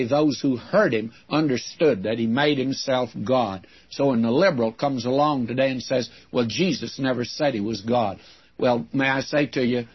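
An older man preaching a Bible-teaching sermon in a folksy storytelling way, with a husky voice. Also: medium pitch, highs cut off.

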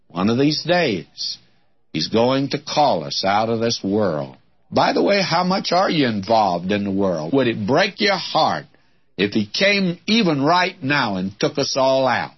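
A male preacher giving a sermon, telling a Bible story with expressive voices and quoting old-fashioned scripture. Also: medium pitch, a little slow, husky, dull audio.

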